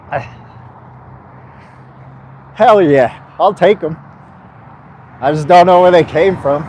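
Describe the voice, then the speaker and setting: A man's voice: sits high, takes it slowly, long pauses, a little mellow. A young man vlogging outdoors in casual, rambling chat, swearing and laughing at himself, his mouth sore and swollen so he stumbles over words.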